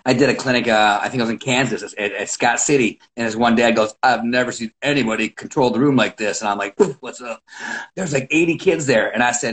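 Animated man telling coaching stories. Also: mid-range voice, a little fast, low-quality recording. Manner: animated, acts out quotes, frequent restarts. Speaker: wrestling coach. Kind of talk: casual podcast storytelling.

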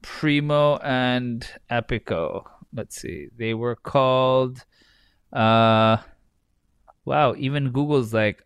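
A man chatting as a podcast co-host, loose and sweary, often breaking into laughter and restarting his sentences. His voice sits in a middling pitch and is recorded close and dry, with no room sound. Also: slow pace, smooth, dry recording. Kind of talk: casual chat.

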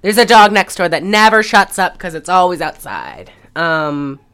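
A woman's voice: on the low side, lively intonation, normal speed, a bit bright, clean tone. A woman hosting a podcast, recapping a film in casual chat and rambling with many fillers. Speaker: podcast host.

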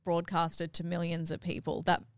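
A middle-aged woman hosting a family podcast, animated and laughing as she retells a family story. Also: on the low side, moderate pace, no room sound. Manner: animated, acts out what others said, laughs while telling. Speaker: podcast host and mother.

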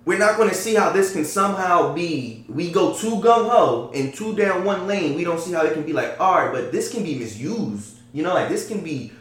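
A man with a slightly higher voice argues his point in loose, animated conversation. He keeps checking that his listener follows him. The room around him rings with a heavy echo. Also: normal speed, hardly any pauses. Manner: animated, conversational, often asks "you get what I'm saying?". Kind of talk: casual debate chat. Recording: very echoey room.

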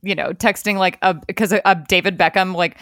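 A young woman co-hosting a casual podcast chat, animated and laughing often, with lots of fillers. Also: lowish voice, fairly quick, dry recording, studio quality. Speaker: podcast co-host.

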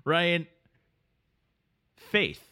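A man's voice: a little high, sing-song, extremely slow, pushed and bright, clear, resonant tone. A man hosting a comedic podcast, running a quiz game with teasing, joking casual chat. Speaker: podcast host, quizmaster.

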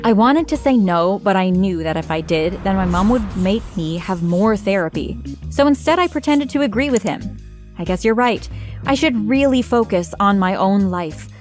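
Expressive woman narrating a dramatic story. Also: medium pitch, moderate pace, faint music behind. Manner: expressive, dramatic first-person telling. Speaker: narrator voicing a teenage girl.

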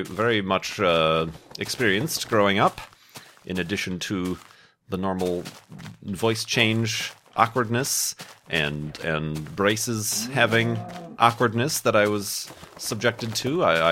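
A man's voice: fairly low pitch, fairly bright tone. A man rambling chattily through casual let's-play commentary with self-mocking asides, a bit stuffy from a cold. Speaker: gaming YouTuber.

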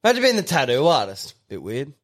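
Aussie guy co-hosting, relaxed sweary banter. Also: medium pitch, quick pace. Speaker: podcast co-host. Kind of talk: casual chat.

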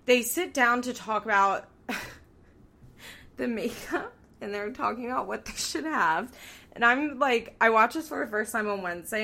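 A woman's voice: on the high side, moderate pace, gravelly, sharp tone. Profane, heated young woman podcaster. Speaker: podcast host. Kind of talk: podcast recap commentary.

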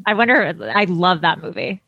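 A woman's voice: on the low side, normal speed, bright, forceful tone, no room sound, lo-fi sound. A woman co-hosting a podcast in casual chat, wry and matter-of-fact. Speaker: podcast co-host.

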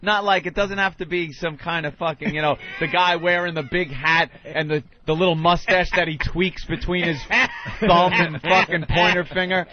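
A man with a fairly high voice riffing profanely through casual podcast banter. The sound is muffled, like low-fi home recording. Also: fairly even intonation, normal speed. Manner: profane, riffs and drops into mocking voices. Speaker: podcast co-host.

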